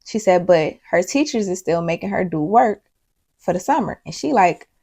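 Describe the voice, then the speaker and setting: A young adult woman telling a casual storytime vlog story, animated and swearing freely. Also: fairly low pitch, normal speed, breathy edge. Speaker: vlogger.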